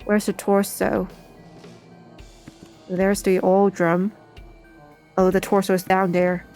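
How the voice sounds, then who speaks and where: Unhurried woman narrating a game playthrough. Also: mid-range voice, flat delivery, darkish tone, soft background music. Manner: thinking aloud, unhurried and chatty. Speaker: let's play streamer. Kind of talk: casual game playthrough commentary.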